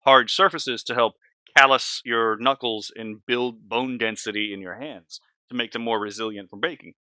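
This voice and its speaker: A man's voice: medium pitch, bright, forceful tone, no echo. A man hosting a reaction video, talking casually in a rambling, blunt, opinionated way with many fillers.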